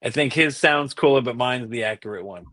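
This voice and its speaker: An American man, a professional tenor, answering interview questions in a relaxed way with easy laughter. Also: medium pitch, fairly quick, no room sound. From United States. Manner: relaxed, laughs easily, some hesitations. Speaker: guest tenor.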